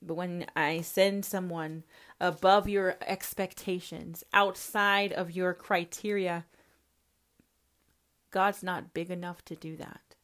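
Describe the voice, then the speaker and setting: A woman's voice: fairly low pitch, steady tone, takes it slowly, fairly bright tone. A woman hosting a podcast, talking in a confrontational monologue that is full of swearing and speaks straight to the listener. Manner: confrontational, swears constantly, addresses listener directly. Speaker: podcast host. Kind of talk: profane monologue.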